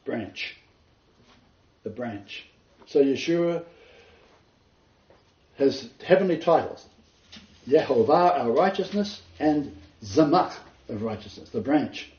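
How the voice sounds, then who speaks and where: Guy teaching a bible study, mellow voice, kinda far off in an echoey room, dull sound. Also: mid-range voice, animated, slow pace, long pauses. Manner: earnest, explanatory, quotes scripture and commentators. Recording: roomy, distant, dull lo-fi sound.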